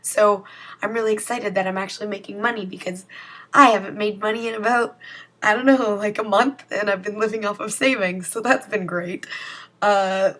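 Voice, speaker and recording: A woman's voice: mid-range voice, fairly bright tone. A young woman talking casually to her viewers in a rambling, self-mocking vlog. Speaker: vlogger. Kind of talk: casual vlog chat to camera.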